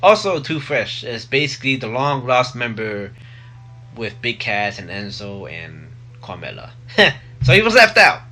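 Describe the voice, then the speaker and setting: Young male vlogger, rambling and casual, bright close-mic voice. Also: medium pitch, big pitch swings, a little slow, faint music behind. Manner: rambling, many fillers and restarts. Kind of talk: casual vlog talk. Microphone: close desk mic.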